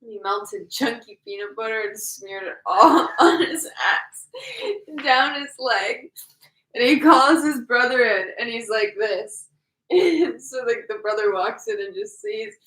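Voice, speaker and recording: Female co-host, high voice and unhurried delivery, giggles through her anecdotes, slightly distant in an echoey room. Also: expressive, a bit bright. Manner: giggly storyteller, laughs through her words. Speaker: podcast co-host. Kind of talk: casual chat. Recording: echoey room, a bit off-mic.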